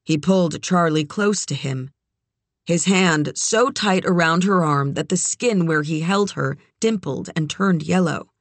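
An audiobook narrator reading a tense thriller passage in a measured, even storytelling voice. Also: medium pitch, dry recording. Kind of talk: scripted narration.

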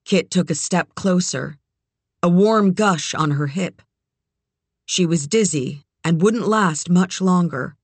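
An audiobook narrator reading a tense thriller passage in a measured, even storytelling voice. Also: mid-range voice, breathy edge, no echo. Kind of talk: scripted narration.

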